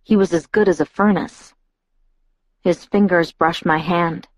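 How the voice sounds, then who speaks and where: A woman narrating a novel in the first person, steady and measured. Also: fairly low pitch, no echo, highs cut off. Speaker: audiobook narrator.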